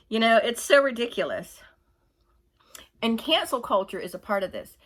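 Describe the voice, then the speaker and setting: Rambling, exasperated woman with a high voice. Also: very animated, normal speed, long pauses, a bit bright. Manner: rambling, exasperated, laughs while telling stories; mocks others in put-on whiny voices. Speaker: vlogger. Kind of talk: casual opinion monologue.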